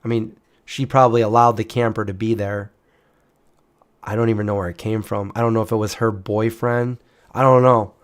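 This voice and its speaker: A man's voice: lowish voice, little pitch movement, moderate pace, clean tone. A man in his forties telling a personal story in a casual, rambling way, full of restarts and fillers. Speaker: channel host.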